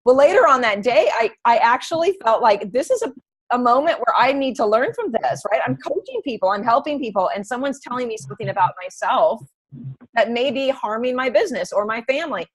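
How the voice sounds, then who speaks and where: A middle-aged woman training health coaches in a casual call, chatty and animated, telling anecdotes. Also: fairly high pitch, fairly quick, breathy edge, rough recording.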